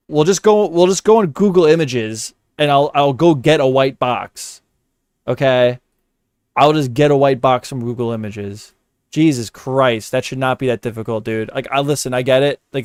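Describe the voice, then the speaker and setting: While editing during a live commentary stream, a man mutters to himself, repeating words under his breath and swearing often out of frustration. His mid-range voice is clear and resonant at a normal pace, recorded dry and close with no room echo.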